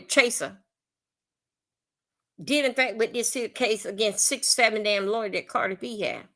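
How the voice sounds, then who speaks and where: A woman's voice: a little high, unhurried, long pauses, fairly bright tone. A woman from Florida with a Southern accent, ranting bluntly and profanely on a live stream, rambling and repeating herself. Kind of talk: live-stream commentary rant.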